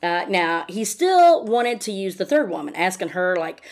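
A woman's voice: fairly low pitch, very animated, moderate pace, few pauses. A woman podcast host giving a casual recap, sarcastic and profane.

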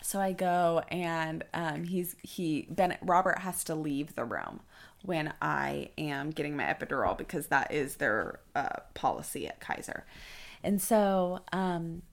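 A woman's voice: low-pitched, a little slow, gravelly. A young adult woman casually telling a story as a podcast host, filling it with fillers and acted-out quotes. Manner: animated, acts out quoted voices, many fillers.

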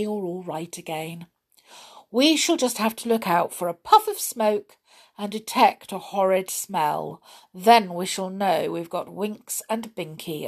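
A woman reading as a kindly storybook witch. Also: mid-range voice. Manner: gently reassuring, explaining patiently. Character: kindly female witch guide, calm, reassuring.

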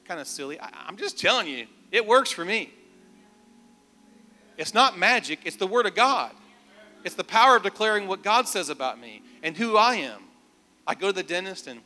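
A man preaching a sermon, telling a personal story and leading declarations in an animated, emphatic way. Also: on the high side. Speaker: pastor. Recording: long hall reverb.

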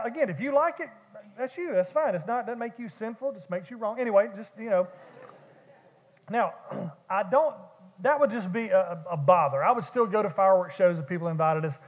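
A man preaching a sermon as pastor, casual and joking at his own expense. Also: sits high. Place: church sanctuary. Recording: dull audio with long church reverb.

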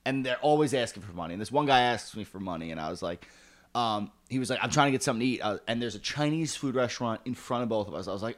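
A man in his thirties from the New York area, telling crude, lively anecdotes in a casual podcast chat. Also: mid-range voice, quick pace. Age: 30s.

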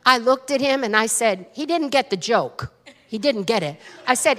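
A woman pastor tells a story in a sermon, animated and dramatic, and talks straight to the congregation. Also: fairly high pitch, moderate pace. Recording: long reverb of a large hall.

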